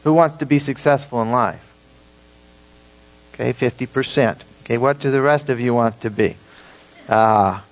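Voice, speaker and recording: A male pastor preaching an emphatic sermon to his congregation, swinging between loud declarations and hushed, slow emphasis. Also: mid-range voice, poor audio.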